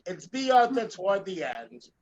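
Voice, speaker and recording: A man's voice: sits high, big pitch swings, normal speed, dull audio. A man hosting a casual chat with a gossipy, dramatic manner. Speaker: host.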